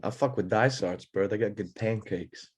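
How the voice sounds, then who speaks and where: A man's voice: lowish voice, moderate pace, husky. A young man hosting a podcast, chatting in a laid-back, slangy, joking way. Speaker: podcast host. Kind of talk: casual chat.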